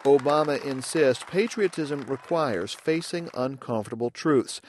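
A man filing a scripted radio news report in an even, measured newsreader delivery. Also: mid-range voice, a faint crowd, slight background noise.

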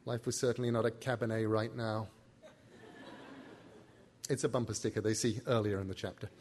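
A man reading a novel aloud as narrator, relaxed, with brief asides to the listener. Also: on the low side, normal speed, big-room sound, a little hiss or hum. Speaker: audiobook reader.

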